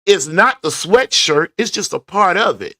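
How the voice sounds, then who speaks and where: A male vlogger in a garage chats with viewers, meandering through casual commentary as he drives to work. He has a high-pitched, pushed, bright voice with lively intonation and a measured pace. It's a dry studio-quality recording.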